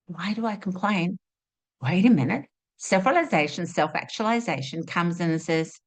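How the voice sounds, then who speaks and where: Expressive woman spiritual teacher. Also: lowish voice, moderate pace. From Australia. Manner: expressive, acts out inner voices, rhetorical questions.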